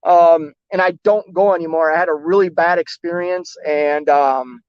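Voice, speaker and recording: A man's voice: on the high side, steady tone, moderate pace, clear, resonant tone, dry recording. Man, trucker streamer, casual live chat, rambling, self-deprecating, dull lo-fi audio. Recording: dull lo-fi, dry close sound.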